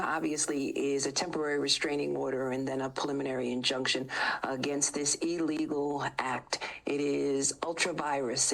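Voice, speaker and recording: Low-voiced woman attorney general, formal. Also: a bit bright, rough recording. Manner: measured, formal, lists points with many ums. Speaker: state attorney general, interview guest. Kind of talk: televised news interview.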